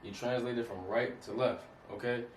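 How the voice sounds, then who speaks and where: A man's voice: medium pitch, fairly even intonation, moderate pace. A man giving a casual lesson, often repeating himself and checking in with his listeners. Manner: repeats points, checks in with "okay?" and "you understand that?". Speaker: teacher. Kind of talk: casual instructional talk. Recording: echoey room, distant mic, faint hiss.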